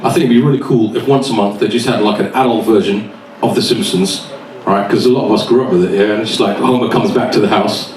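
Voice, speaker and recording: A man's voice: lowish voice, fairly even intonation, fast, slight background noise. A man doing stand-up, swearing freely and teasing the audience. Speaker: stand-up comedian. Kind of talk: stand-up comedy set with crowd work. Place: comedy club stage. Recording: echoey club, distant mic, loud audience.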